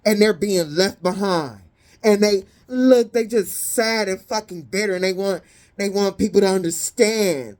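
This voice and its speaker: A woman giving a casual tarot reading, blunt, profane and sassy, with animated indignant peaks. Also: mid-range voice, measured pace. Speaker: tarot reader.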